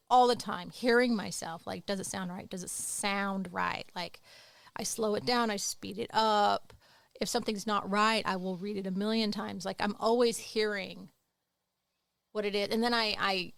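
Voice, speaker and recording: A woman chats on a writing podcast, jumping between lively explanation and playful teasing as she would with her students. Her voice is mid-pitched and sits close to the mic in a dry, unreverberant recording. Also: vocal fry, no echo. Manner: animated, playful teacherly asides. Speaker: podcast co-host. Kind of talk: casual podcast chat.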